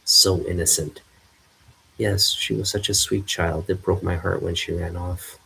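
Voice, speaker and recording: A man voicing a soothing older farm wife, reading a comic aloud in a soft manner. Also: deep voice, steady tone, measured pace, vocal fry, a little hiss or hum, exaggerated voice, low-quality recording.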